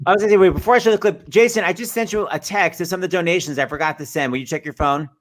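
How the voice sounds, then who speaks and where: A man hosting a video call show, prompting guests with quick questions. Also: sits high. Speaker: host.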